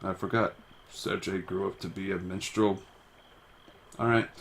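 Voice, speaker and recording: A man's voice: sits low, steady tone, measured pace, pauses often, a little hiss or hum. A young man casually reading aloud through a text game. He swears often and stumbles over words. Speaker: game reader. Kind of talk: casual let's-play reading.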